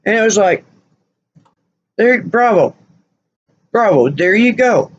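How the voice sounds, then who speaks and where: Slow, rambling woman telling a story. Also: medium pitch, expressive, breathy edge, highs cut off. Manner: rambling, many "you know" fillers. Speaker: vlogger. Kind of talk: casual storytelling to camera.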